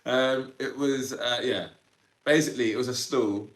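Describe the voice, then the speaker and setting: A man in his thirties, a podcast guest, telling a story in an animated, slangy way with lots of fillers. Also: medium pitch, normal speed, reverberant, a crowd in the background, poor audio. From Sudan, raised in Ireland. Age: 30s. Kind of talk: casual storytelling interview.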